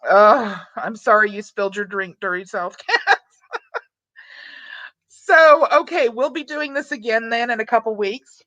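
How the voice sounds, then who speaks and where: A woman's voice: on the high side, animated, measured pace, long pauses, pushed and bright, no echo. A woman hosting a casual livestream, reading out viewer chat, chatty and prone to laughing often. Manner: giggly, breaks into frequent laughter.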